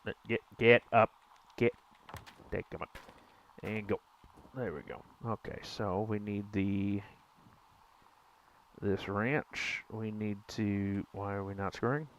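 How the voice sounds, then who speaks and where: A man's voice: lowish voice, slow pace, long pauses, muffled recording, a little hiss or hum. A young man giving casual gameplay commentary, chatting with viewers in a rambling, self-correcting way with mild exclamations. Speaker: gaming streamer.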